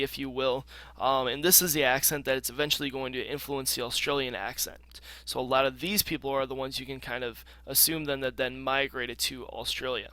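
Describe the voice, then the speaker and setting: Male teacher, bright dry voice, casual recorded lecture, loose and explanatory with ums. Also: medium pitch, fairly even intonation, a little fast, no echo. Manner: casual explaining with frequent ums and throat clearing.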